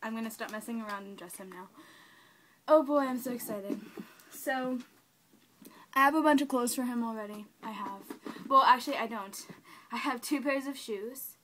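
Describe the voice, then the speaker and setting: A young woman who gushes excitedly and chats to her new doll while unboxing it on camera, kneeling on the floor at home. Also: a little high, moderate pace, a little hiss or hum. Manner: gushing, excitable, talks to the doll. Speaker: doll collector vlogger. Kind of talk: casual unboxing chat. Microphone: camera mic.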